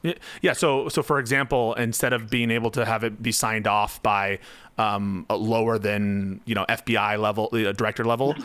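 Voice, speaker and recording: A man's voice: lowish voice, fairly even intonation, normal speed, fairly bright tone, clean tone, no room sound. A young man in a heated political debate, stammering and cutting in with repeated "wait, wait" as he presses his points.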